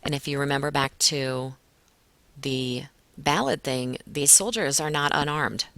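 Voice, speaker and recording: A woman teacher talking a class through a poem in a relaxed way, with frequent fillers. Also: extremely low pitch, a little slow, dry recording. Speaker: English teacher. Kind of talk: recorded classroom lesson walkthrough.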